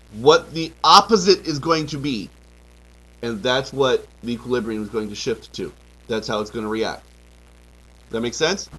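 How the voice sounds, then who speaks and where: On a low-quality recording, a man teaching high school chemistry sounds pushed and bright, his voice on the high side. He drills the key terms, keeps checking with "okay," and adds dry joking asides.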